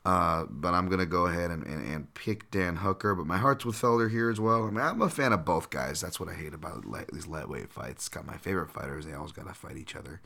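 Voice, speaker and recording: Deep, creaky and animated, his voice moves at a quick clip with few pauses and a bright, forceful edge. He's a fight analyst running a casual solo podcast, reasoning aloud with lots of fillers and restarts while chuckling now and then.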